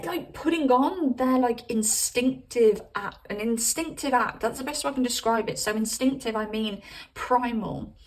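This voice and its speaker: A woman's voice: sits high, far from the mic, rough recording. Chatty woman, slightly off-mic. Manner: chatty, rambling, swears casually, calls viewers babes. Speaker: tarot reader. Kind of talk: casual pick-a-card tarot reading.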